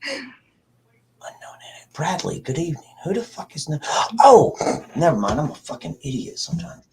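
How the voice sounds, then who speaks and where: A man's voice: on the high side, big pitch swings, moderate pace, dark tone, a little hiss or hum. A man hosting a casual livestream, rambling and swearing as he greets viewers in the chat. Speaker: livestream host.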